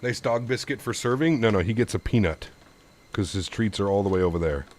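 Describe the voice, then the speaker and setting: A man's voice: fairly low pitch, fairly quick, a little mellow. A man streaming a flight simulator, chatting casually and thinking aloud as he sets up a flight at his home sim setup. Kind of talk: casual live-stream chat.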